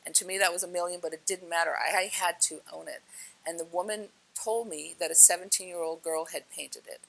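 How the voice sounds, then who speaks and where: A woman with a low-set but bright, gravelly voice tells personal stories in an easy, conversational way. She laughs often and slips into the other people's lines as she recounts them. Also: low-quality recording. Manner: animated, laughs often, acts out dialogue. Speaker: speaker telling personal stories. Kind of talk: casual spoken storytelling.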